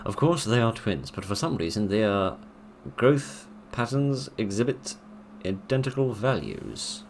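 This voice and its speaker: Man, very low voice, dry sarcastic game commentary. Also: very animated, measured pace, slight background noise. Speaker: gaming video narrator. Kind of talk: let's play commentary.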